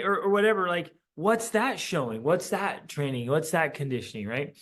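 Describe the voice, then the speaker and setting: A man's voice: fairly high pitch, animated, normal speed, few pauses. A middle-aged man co-hosting a podcast in casual chat, emphatic, acting out little scenes in quoted voices. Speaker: podcast co-host.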